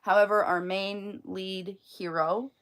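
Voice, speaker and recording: A woman's voice: mid-range voice, fairly even intonation, takes it slowly, a bit bright. A woman, an actor, co-hosting a casual movie review chat, laying out her points earnestly. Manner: earnest, explanatory. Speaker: podcast co-host, actor.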